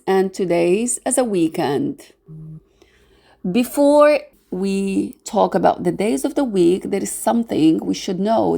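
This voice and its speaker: A woman's voice: mid-range voice, gravelly, dark tone. A woman teaching a beginner English lesson, spelling words out letter by letter, with some non-native phrasing.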